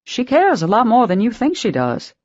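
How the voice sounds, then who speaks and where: A woman's voice: on the high side, wildly swooping pitch, normal speed, darkish tone, no room sound, muffled recording, pitched above the performer's own voice. A woman voicing an affectionate older grandmother. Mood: doting. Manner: affectionate, uses endearments. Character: warm older Southern grandmother, doting.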